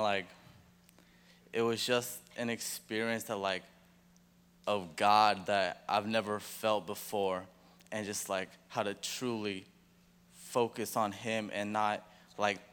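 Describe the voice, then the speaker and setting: Young man, low clear voice, church testimony in a hall with a long echo. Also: a bit bright. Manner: halting, full of 'like' and 'you know'. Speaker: testimony speaker. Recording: long reverb of a large hall.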